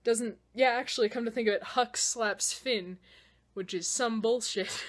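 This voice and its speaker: A young woman giving a casual, excitable movie reaction rant, swearing freely and swinging between loud outbursts and low mutters, a little winded. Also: unhurried. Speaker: vlogger.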